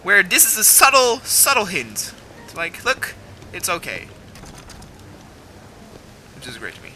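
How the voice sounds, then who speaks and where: A young man rambling excitedly and swearing casually while commenting on a game as he plays. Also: sits high, normal speed, slight background noise, rough recording. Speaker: gaming video host. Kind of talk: let's play commentary.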